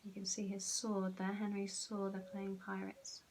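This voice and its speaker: A woman's voice: medium pitch, completely flat delivery, unhurried, a little mellow, slight background noise. A woman teacher reading a children's storybook aloud expressively and pointing out the pictures. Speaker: primary school teacher.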